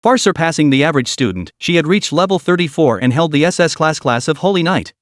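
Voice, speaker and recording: A man narrating a fantasy story recap in a steady, dramatic storytelling manner. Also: on the high side, quick pace, no echo, clean studio sound.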